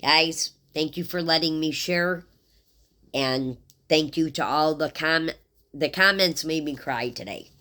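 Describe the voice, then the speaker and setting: Middle-aged woman with a low voice, tarot reader, rambling and heartfelt vlog delivery. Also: unhurried, pushed and bright. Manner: rambling, heartfelt, talks straight to viewers. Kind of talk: casual tarot reading vlog.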